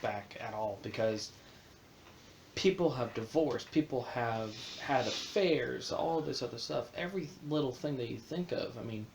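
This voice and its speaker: A man's voice: mid-range voice, a little slow, vocal fry. A young man talks frankly and at length on a casual podcast, rambling from one thought to the next with the odd curse. A faint hiss sits under his voice. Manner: rambling, frank, swears and laughs easily. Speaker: podcast host. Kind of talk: casual chat.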